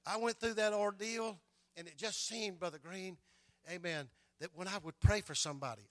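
A man's voice: sits high, normal speed, fairly bright tone, no echo. An older man preaching a sermon and telling his own stories, stumbling over repeated words and adding "amen" between his lines. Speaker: pastor.

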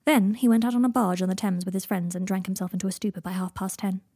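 A woman reads a story aloud, keeping a steady storytelling pace. Her voice is husky and breathy, and the recording sounds dry and close. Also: mid-range voice, quick pace, no room sound. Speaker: narrator. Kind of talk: audiobook reading of fan fiction.

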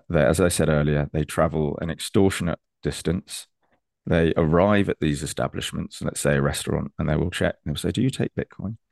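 A man's voice: rumbling low, creaky, darkish tone, dry recording, clean studio sound. A man, an enthusiastic and persuasive consultant explaining ideas on a video call. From United Kingdom. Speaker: Bitcoin consultant.

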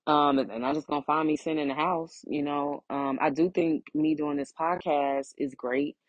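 Low-voiced emotional woman hosting a podcast. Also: steady tone, normal speed, no room sound, dull audio. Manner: heartfelt, emphatic, repeats phrases. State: emotional, close to tears. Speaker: podcast host. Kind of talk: solo podcast monologue.

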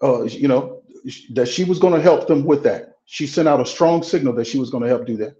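A man's voice: medium pitch, fairly quick, warm tone, roomy sound, lo-fi sound. A man, a pastor running for Congress, speaking frankly and bluntly in a political interview and often stumbling over fillers.

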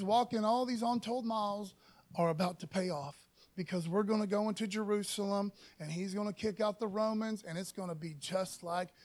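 A man preaching a sermon in a folksy, conversational way, who keeps adding "man" and asking "amen?" and slows down and gets louder when reading scripture. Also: high voice.

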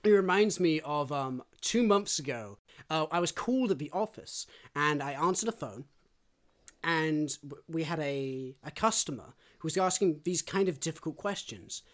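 A man of middling pitch co-hosts a relaxed book podcast. He tells stories with animation, slipping into the voices of the people in them. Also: normal speed. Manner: animated storyteller who acts out quoted voices. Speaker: podcast co-host. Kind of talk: casual book-club podcast chat.

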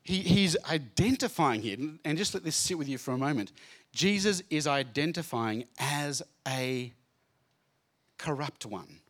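An animated man gives a chatty Bible talk to a room full of listeners. His voice sits a little high for a man. He is jokey and playful, acting out the scenes as he goes. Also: a little slow. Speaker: speaker at a student Bible training night. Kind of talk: lively Bible talk to a live group. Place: room with a live audience.

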